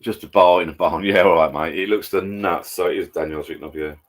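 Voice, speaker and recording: A man's voice: deep voice, fairly even intonation, fast talker. A man hosting a live stream, chatting casually and rambling over beers, swearing freely as he talks to viewers.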